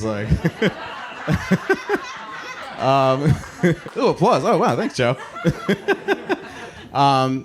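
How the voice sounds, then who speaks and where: A man's voice: on the high side, wildly swooping pitch, very slow, long pauses, noisy background. A man hosting a stand-up comedy show, telling stories to a live audience with lots of chatty fillers and laughs at his own jokes. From American suburbs. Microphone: handheld microphone.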